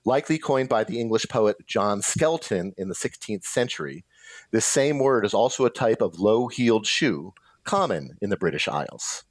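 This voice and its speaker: A man with a low voice hosts a trivia round, reading each question aloud. He chats on after the answers with extra background. The sound is dry and close. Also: animated, normal speed, no room sound. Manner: chatty, adds background facts after answers. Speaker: trivia quiz host.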